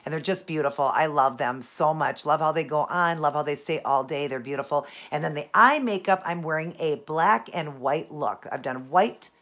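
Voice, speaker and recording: A woman's voice: low voice, normal speed, hardly any pauses, fairly bright tone. A middle-aged woman with a stuffy nose from allergies, chatting casually through her outfit, jewelry and makeup at home with many rambling asides. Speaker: fashion and beauty vlogger. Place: indoors at home.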